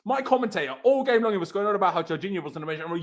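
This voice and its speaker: A man's voice: sits high, expressive, rapid-fire. A man hosting a football fan channel, delivering a furious, swearing post-match rant over a call.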